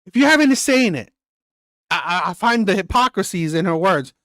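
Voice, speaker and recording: Brief: male reaction host, high lively voice, blunt crude rant, dry close sound. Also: brisk, no echo. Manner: blunt, crude, repetitive and heated. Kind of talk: ranting commentary on a played clip.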